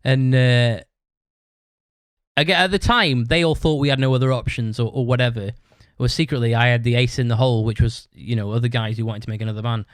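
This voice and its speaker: Talking a little fast in a steady, mid-range voice, this podcast host rambles through a long, casual story, bluntly and with heavy profanity, often starting over. His tone is clean, and the studio-quality audio carries no room sound.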